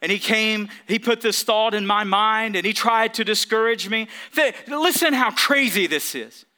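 A man's voice: high-pitched, normal speed, sharp tone. A man preaching a sermon, emphatic, calling out to the congregation for responses. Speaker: pastor.

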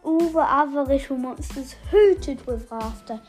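A woman reading a children's story aloud in an expressive, playful way. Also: sits high, a little slow. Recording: faint background music.

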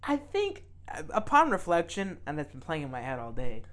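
A man's voice: on the high side, huge pitch swings, fairly quick, a bit bright. A man co-hosting a podcast, telling a story in a sheepish, profane, casual way.

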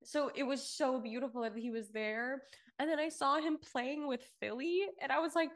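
A woman's voice: sits high, steady tone, moderate pace. A woman co-hosting a podcast in casual chat, effusive and full of fillers and swearing. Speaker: podcast co-host.

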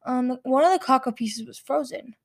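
High-voiced woman rambling in a comedy sketch. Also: moderate pace. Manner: rambling, silly, drags out words. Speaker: guest playing a charity founder.

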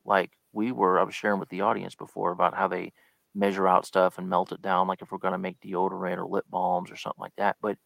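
A man's voice: deep voice, completely flat delivery, quick pace, vocal fry, a bit bright, no echo. A man chatting as a guest on a live podcast, telling a story and acting out the lines he quotes. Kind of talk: casual live podcast chat.

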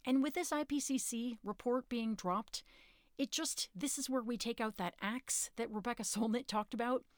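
A woman hosting a podcast, talking casually and earnestly to her listeners, informal and urgent, sometimes cursing, her pitch jumping up when she presses a point. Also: moderate pace, no room sound, clean studio sound. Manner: informal, occasionally curses. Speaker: podcast host. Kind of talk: casual advocacy talk.

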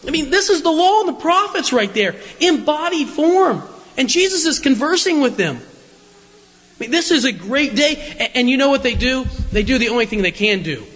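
Guy with a really high voice giving a chatty, jokey sermon, big church echo. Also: moderate pace. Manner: lively, joking, asks the congregation questions. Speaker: preacher. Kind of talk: conversational sermon. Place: church sanctuary. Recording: long church reverb.

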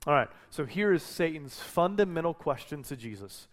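A man's voice: fairly high pitch, animated, normal speed, few pauses. A man preaching a sermon as a pastor, talking in a conversational way with frequent restarts and self-corrections.

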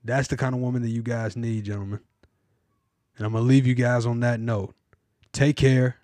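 A man's voice: mid-range voice, flat delivery, normal speed, darkish tone, dry recording. Man, podcast host, emphatic sermon-like advice, repeats himself, dry close sound. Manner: emphatic, repetitive, addresses listeners directly. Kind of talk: preachy advice monologue.

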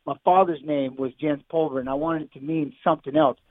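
Fast-talking man on a tinny phone line. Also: on the high side, fairly even intonation, no room sound. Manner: rambling, repeats himself, emotional. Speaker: guest fighter. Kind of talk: emotional personal storytelling on live radio.

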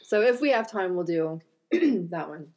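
A woman co-hosting a podcast, chatting casually and telling a true crime story, joking and swearing, often clearing her throat. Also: fairly low pitch, expressive, measured pace, a little mellow. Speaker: podcast co-host.

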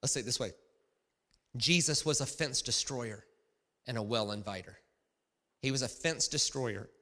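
A man preaching a sermon as pastor, conversational and emphatic, shifting from quiet asides to loud bursts. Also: mid-range voice, moderate pace. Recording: long hall reverb.

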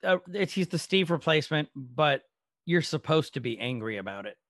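A man co-hosting a casual TV-show podcast, talking in an animated way and laughing often. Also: a little high, moderate pace, no echo, clean studio sound. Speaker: podcast co-host. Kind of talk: casual chat.

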